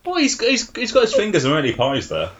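A man co-hosting a casual comedy chat, offering dry deadpan asides. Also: high voice, fast, dull audio, a loud crowd. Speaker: podcast co-host.

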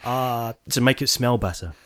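A man co-hosting a comedy podcast, explaining odd products and news in a plain, deadpan way. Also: mid-range voice, normal speed, no room sound. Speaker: podcast co-host. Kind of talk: casual comedy chat.

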